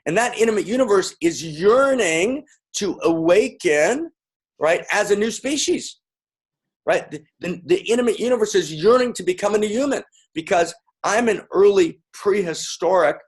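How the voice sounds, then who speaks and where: A man's voice sits high, with a breathy edge, animated delivery, and normal speed. Giving a playful, interactive talk to a live audience, he repeats lines and calls out to the crowd.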